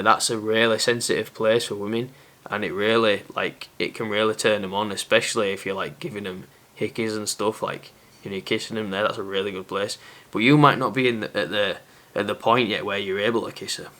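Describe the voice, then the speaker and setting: A man's voice: on the low side, fairly even intonation, brisk, fairly bright tone. A young man talking casually to camera as a dating advice presenter, candid and self-aware.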